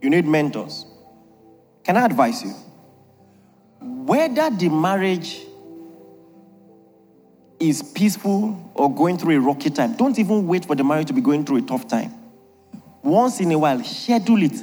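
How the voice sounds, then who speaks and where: Man, preacher, humorous sermon, jokey, slightly high pitch, echoing hall. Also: sing-song, unhurried, pauses often, darkish tone, faint music behind. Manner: jokey, laughs often, emphatic asides.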